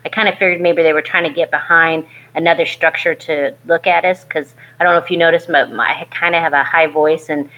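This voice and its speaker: Woman, low-pitched, archaeologist guest, animated and rambling in her anecdotes. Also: a little fast, hardly any pauses, muffled recording. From California. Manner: lively, rambling storyteller with restarts. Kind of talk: conversational storytelling.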